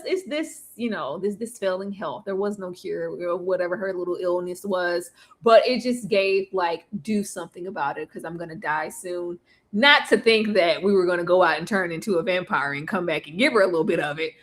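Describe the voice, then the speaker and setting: A woman co-hosting a casual episode recap, animated and laughing as she acts out characters' lines. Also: medium pitch, moderate pace. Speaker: podcast co-host.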